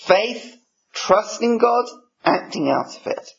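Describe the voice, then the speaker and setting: A gravelly, husky man delivers a sermon at an unhurried pace, reading scripture in a measured way. His voice sits fairly high and the recording sounds dull and lo-fi. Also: lively intonation. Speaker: preacher.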